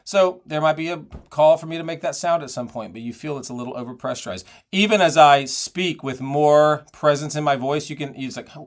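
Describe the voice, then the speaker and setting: A middle-aged man giving a singing lesson, explaining and demonstrating vocal technique. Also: medium pitch. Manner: explanatory, demonstrates sounds and sung phrases. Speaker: singing voice teacher.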